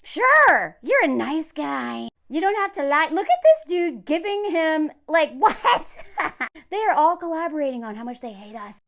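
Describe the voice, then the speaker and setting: Animated woman ranting in commentary. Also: sits high, normal speed, creaky. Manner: animated, exasperated ranting with frequent asides. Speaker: social media commentator. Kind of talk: reaction commentary on social media posts.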